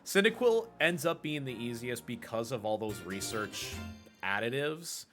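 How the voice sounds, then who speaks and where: A man with a Pacific Northwest accent streaming a speedrun, chatting casually and correcting himself as he explains. His voice is bright and swings widely in pitch. Faint game music plays in the background. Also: lively intonation, measured pace. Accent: American, Pacific Northwest. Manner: chatty, explains at length with fillers and self-corrections. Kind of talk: casual live-stream commentary while gaming.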